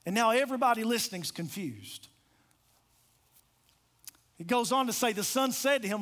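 High-voiced preaching man. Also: animated, fairly bright tone. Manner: preaching with dramatic pauses and rhetorical questions; storytelling, acting out the parable. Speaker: pastor. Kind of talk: sermon.

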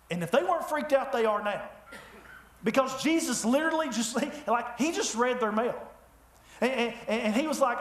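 A man preaching a sermon in a church, telling the story with lively humor. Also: very high voice, moderate pace. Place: church sanctuary. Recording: echoey room.

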